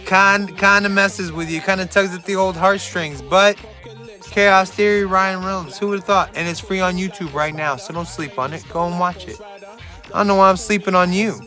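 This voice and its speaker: A man hosting a casual monologue recommending movies, rambling excitably with jokey asides. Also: sits high, moderate pace, soft background music.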